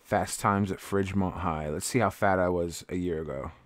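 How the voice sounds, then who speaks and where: A low-pitched man with fairly even intonation talks at a moderate pace in a dry recording. He's weary and cranky on a casual live stream, rambling on with his viewers while swearing and poking fun at himself.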